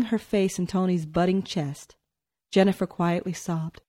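A woman narrating a novel in a measured storytelling manner. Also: fairly low pitch, fairly even intonation, mellow. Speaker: audiobook narrator. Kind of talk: scripted narration.

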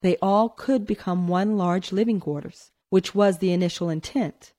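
A woman narrating a novel in a measured storytelling manner. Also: fairly low pitch, warm tone. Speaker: audiobook narrator. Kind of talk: scripted narration.

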